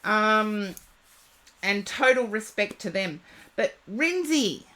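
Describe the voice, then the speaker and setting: A woman reading tarot live for viewers, chatty and reassuring, talking to them by name, her voice going a little hoarse. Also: mid-range voice, expressive, slow pace, bright, forceful tone. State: losing her voice. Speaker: tarot reader.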